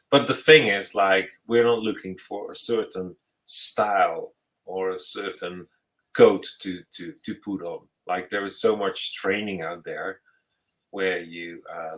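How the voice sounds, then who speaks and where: A man's voice: low-pitched, fairly bright tone, rough recording. A man hosting a podcast as a futurist, talking in a thoughtful, searching way with frequent restarts. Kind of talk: casual conversational interview.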